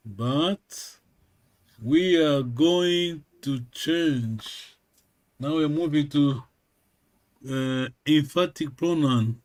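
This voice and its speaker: Slow, patient male language teacher. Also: on the high side. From Congo region, Kikongo-speaking village. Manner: slow, patient, checks in with "yes?" often. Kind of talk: online language lesson.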